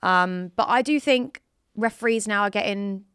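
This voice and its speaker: A woman's voice: mid-range voice, normal speed, fairly bright tone, clean tone, no room sound, clean studio sound. A young woman hosting a casual football chat, chatty and opinionated. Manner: chatty, opinionated, often laughing and hedging. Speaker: show host.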